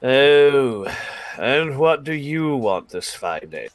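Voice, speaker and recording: A man voicing a proper, haughty male elf shopkeeper who speaks in a slow, formal, disdainful way. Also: mid-range voice, sing-song, dry recording.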